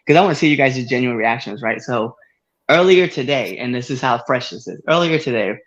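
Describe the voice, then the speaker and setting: A man co-hosting a podcast, telling a story in casual chat with frequent laughter and excited jumps in voice. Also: brisk, dull audio. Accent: Massachusetts. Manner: animated storyteller, laughs often, swings high when excited. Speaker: podcast co-host.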